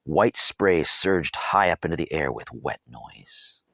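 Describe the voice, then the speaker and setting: A man's voice: very deep voice, animated, takes it slowly, fairly bright tone, no room sound, studio quality. A man reading his own novel aloud as storybook narration, with wry, humorous asides.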